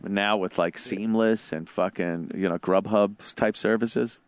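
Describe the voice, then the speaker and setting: A man's voice: on the low side, steady tone, a little slow, clear, resonant tone, no room sound. A man in casual comedic chat, crude and joking, swearing a lot.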